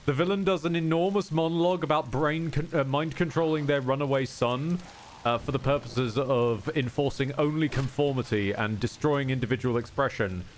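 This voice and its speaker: A man's voice: medium pitch, moderate pace, slight background noise. A man streaming a game, rambling and jokey, swearing often as he talks over the gameplay. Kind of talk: casual gameplay commentary.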